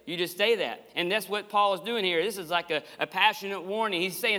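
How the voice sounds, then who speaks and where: A male pastor preaches in a somewhat high, bright and forceful voice, passionate and emphatic, slipping in folksy asides. His sermon rings out in a church hall with a long, echoing reverb. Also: steady tone, fast talker, hardly any pauses. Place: church sanctuary.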